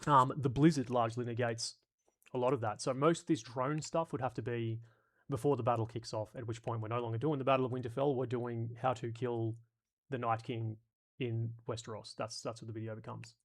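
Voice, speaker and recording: A man's voice: mid-range voice, fairly even intonation, fairly quick. An Australian man hosting a live stream, reading chat comments and talking through ideas in a sweary, exasperated way.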